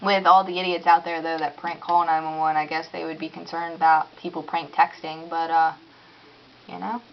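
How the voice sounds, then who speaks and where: At home in a casual vlog, a young woman tells a story in an animated, chatty way, peppering it with "like" and "dude" and acting out her own panic. Her voice sits low and moves at a normal speed. The highs are cut off, with a little hiss or hum in the audio.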